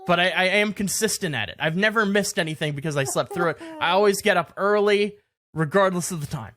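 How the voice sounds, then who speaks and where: A man co-hosting a podcast, telling a story in casual chat, animated and laughing at himself. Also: sits high, brisk. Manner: animated, laughs through his own stories. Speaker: podcast co-host. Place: podcast studio.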